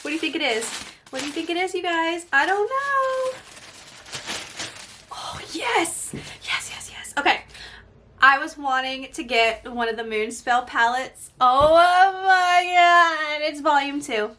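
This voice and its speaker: A woman beauty vlogger gushing excitedly in a casual unboxing video. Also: high voice, moderate pace, noisy background. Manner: gushing, excitable, often breaks into soft exclamations.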